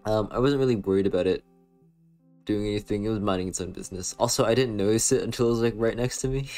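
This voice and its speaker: A man's voice: lowish voice, quick pace, a little mellow, faint music behind. A young man with an American accent, chatting casually on a stream and answering chat in a rambling, playful way, full of fillers. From western United States.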